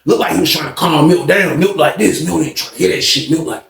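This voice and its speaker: Storyteller: a high-voiced, gravelly man, lively and profane, in a roomy space. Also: very fast, crowd noise. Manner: animated, profane, laughs often. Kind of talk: casual storytelling.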